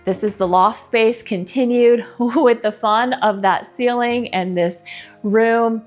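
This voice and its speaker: A woman's voice: on the high side, fairly even intonation, slow, faint music behind. A middle-aged woman real estate agent walking through a house on a casual tour, gushing enthusiastically about each room. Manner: enthusiastic, gushing about features, chatty asides. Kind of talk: casual walkthrough home tour. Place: indoors in a large house.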